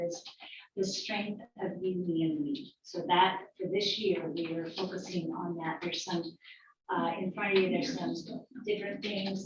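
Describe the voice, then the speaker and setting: A woman's voice: lowish voice, background noise. Woman, middle-aged, board workshop presenter, distant mic, very echoey room. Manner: warm, repetitive, explanatory with fillers. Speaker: school district superintendent. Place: meeting room. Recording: echoey dull room audio from afar.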